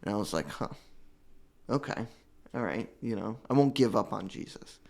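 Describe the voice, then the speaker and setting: A young man with a low voice tells his personal testimony, earnest and halting. He repeats his words and stops to hold back tears. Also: expressive, creaky. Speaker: guest telling his recovery story.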